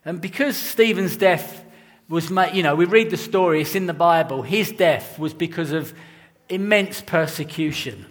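Casting: male pastor, earnest and conversational, slightly higher voice, long church reverb. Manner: earnest, conversational preaching with personal stories and chuckles. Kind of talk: sermon.

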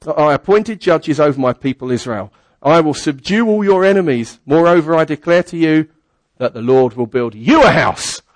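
A man's voice: a little high, no echo, low-quality recording. A man preaching a sermon, reading scripture aloud and breaking in with plain, casual explanations. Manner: reads scripture aloud and adds plain asides.

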